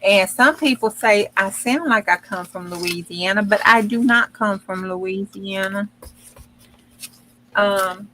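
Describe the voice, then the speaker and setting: A woman's voice: medium pitch, slow, sharp tone, a little hiss or hum, poor audio. A woman in casual livestream chat, reading fun facts in a folksy, chatty way and stumbling over words. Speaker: co-host.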